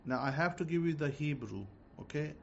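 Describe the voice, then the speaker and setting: Male religious teacher, informal and repetitive, slightly high voice, dull lo-fi audio. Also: animated, vocal fry. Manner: repetitive, slow and deliberate when dictating words. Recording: dull lo-fi audio with faint noise.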